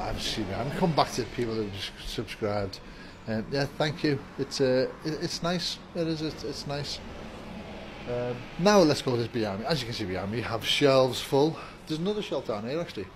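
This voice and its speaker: Standing in his shop with the door open and faint music in the background, a man who works at a vape shop welcomes viewers and rambles cheerfully to the camera in a casual vlog. He has a medium-pitched voice, and there's slight background noise.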